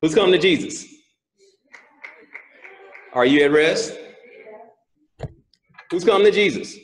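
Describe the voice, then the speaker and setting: A man preaching a sermon as pastor, asking the congregation questions and rising from quiet reading to shouted exhortation. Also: fairly high pitch, expressive, takes it slowly.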